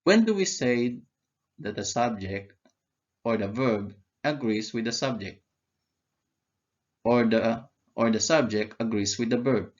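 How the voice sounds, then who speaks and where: Slow, deliberate male English teacher. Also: mid-range voice, dull audio. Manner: asks questions and answers them himself, repeats key words. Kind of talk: slow, deliberate grammar lesson.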